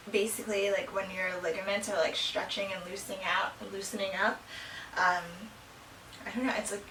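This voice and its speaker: A woman's voice: medium pitch, bright, forceful tone, distant mic. A young woman vlogging casually at home, rambling with fillers and a little out of breath. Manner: rambling, with many fillers and laughs. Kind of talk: casual chat. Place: small room at home. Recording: roomy, from off the mic, faint room hum.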